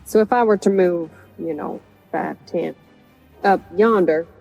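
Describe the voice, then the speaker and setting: A woman playing a tabletop game in character, using a slow, genteel and theatrical manner. Faint music plays behind her. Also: lowish voice, vocal fry, highs cut off. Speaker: player.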